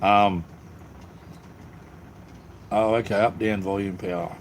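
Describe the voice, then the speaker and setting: Streaming live from his phone, a middle-aged Australian man rambles in an easygoing, self-mocking way. He speaks at normal speed in an expressive mid-range voice, with a bit of noise in the background.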